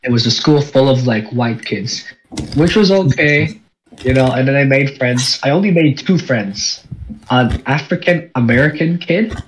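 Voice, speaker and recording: A man's voice: medium pitch, expressive, unhurried, a little hiss or hum, low-quality recording. A young man with a nasal voice from a cold, chatting casually as a podcast host, rambling with lots of fillers. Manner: rambling, laughs often, many fillers. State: sick, stuffy nose.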